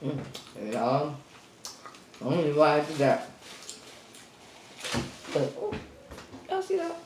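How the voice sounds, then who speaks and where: Slow-talking breathless woman eating on camera. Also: low voice, wildly swooping pitch, reverberant, noisy background. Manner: chatty, addresses viewers as y'all, eats between lines. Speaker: mukbang host. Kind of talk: casual eating show chat.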